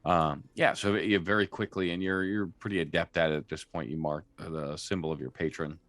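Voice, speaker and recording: A man's voice: low voice, fairly even intonation, a little fast, a bit bright, dry recording. A man narrating a tabletop game as game master, describing scenes with frequent fillers and restarts. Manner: descriptive, hesitant with many fillers.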